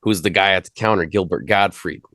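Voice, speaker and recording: A rapper chats as an interview guest in a low, relaxed man's voice. He rambles and restarts his sentences, then slips into jokes. The sound is dry and close, with no room echo. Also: fairly quick. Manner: rambling, many restarts and fillers; laid-back, jokey. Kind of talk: casual conversation.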